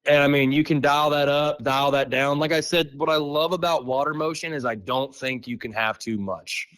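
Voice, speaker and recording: A man's voice: a little high, normal speed. A man speaking as a guest on a podcast, easygoing and candid. He explains his work in plain terms and jokes at his own expense. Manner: relaxed, candid, self-deprecating humor. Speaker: professional duck guide. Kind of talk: casual podcast interview.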